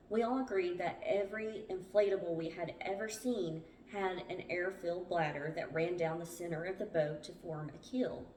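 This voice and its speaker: In a roomy recording, a woman sits distant from the mic, with slight background noise, as she reads a survival memoir to her book club. Her voice is on the low side and darkish, and she tells the story plainly, stumbling a little.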